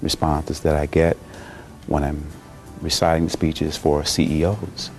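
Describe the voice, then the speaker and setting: A man speaking in an interview, slow and halting. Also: a bass voice, level tone, darkish tone, soft background music.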